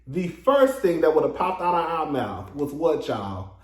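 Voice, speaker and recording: A man's voice: on the high side, huge pitch swings, unhurried, darkish tone, slight background noise. A man giving casual commentary as a reality TV reviewer, sassy and profane, laughing often. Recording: echoey room.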